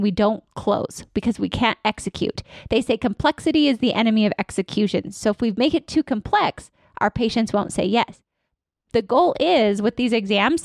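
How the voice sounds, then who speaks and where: A woman's voice: fairly high pitch, dry recording, studio quality. A woman consultant in her thirties, a podcast guest talking energetically and acting out staff and patient lines. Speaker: dental practice consultant.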